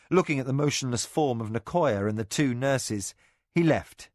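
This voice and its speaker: A man narrating a fantasy novel in an expressive, dramatic reading. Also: medium pitch, normal speed, dry recording, clean studio sound. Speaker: audiobook narrator. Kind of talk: scripted narration.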